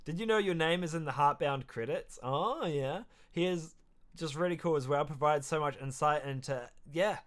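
A young man streaming live, reacting to clips in casual chat, excitable and openly emotional, swearing freely. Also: fairly high pitch, normal speed.

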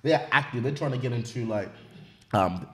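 A young man from Australia hosting a casual podcast conversation, talking in an animated, emphatic way and peppering his lines with "man". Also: mid-range voice, fairly quick. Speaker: podcast host.

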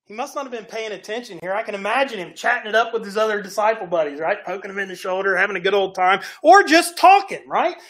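A woman's voice: mid-range voice, fast talker, few pauses, fairly bright tone. A woman preaching a conversational sermon, chatty and often checking in with "right?" while acting out the scenes. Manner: chatty, keeps asking "right?", acts out scenes.

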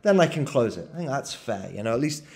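A man's voice: medium pitch, big pitch swings, fast, creaky, a little mellow. A man vlogging about his investments in a casual, think-aloud way, hesitant and second-guessing himself. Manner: thinking aloud, hesitant, full of ums and self-doubt. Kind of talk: casual screen-share commentary.

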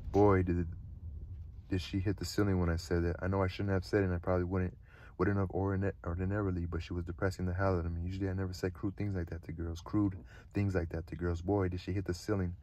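A man reads a novel aloud at a brisk pace in a low, deep voice. His delivery stays flat and level, with small slips and restarts. Faint noise sits under the reading. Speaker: audiobook reader.

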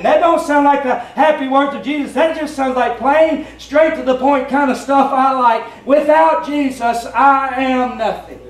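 A man's voice: very high voice, brisk, hardly any pauses. A man with a Southern US accent preaching a plainspoken, folksy, conversational sermon as pastor. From Tennessee. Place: church sanctuary. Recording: roomy church sound from a distant mic, faint hum.

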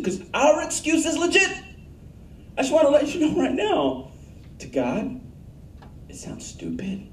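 Pastor, male, high-voiced, mellow tone, blunt emphatic sermon delivery, roomy church sound from off-mic. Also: recorded from a distance. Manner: blunt, emphatic preaching with asked-for audience answers.

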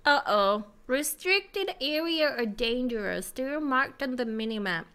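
A woman's voice: high-pitched, expressive, measured pace, pushed and bright, smooth. A woman streamer giving playful, casual commentary while playing a game, swearing and chatting with viewers.

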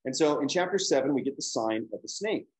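A man lecturing on scripture in a relaxed, conversational way. He keeps checking in with his listeners and his pitch sits in an ordinary middle range. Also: fast talker, low-quality recording. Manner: conversational, fillers, frequent "right?" check-ins. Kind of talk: casual Bible lecture.

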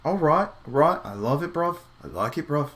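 A man's voice: fairly high pitch, expressive, moderate pace, a bit bright. A man putting on a British accent to play a laid-back young British bloke who drawls and keeps repeating a slang tag. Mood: mock-casual. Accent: put-on British.

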